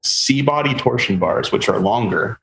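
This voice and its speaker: A man hosting a podcast, telling a long car story in a casual, animated way and acting out the people he quotes. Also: medium pitch, normal speed, gravelly. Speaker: podcast host. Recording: roomy with faint ambient noise.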